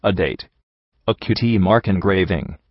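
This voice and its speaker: A man narrates a first-person story in a low voice with wry, measured pacing. The recording is dry, with no room sound. It sounds slightly dull and lo-fi. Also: no room sound. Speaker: audiobook narrator.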